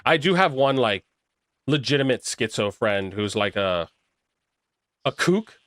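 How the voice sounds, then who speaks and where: A man's voice: medium pitch, lively intonation, a little slow, fairly bright tone, no echo, clean studio sound. A young man chatting casually on a live stream, rambling and making crude jokes while reacting to chat. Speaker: livestreamer reading chat.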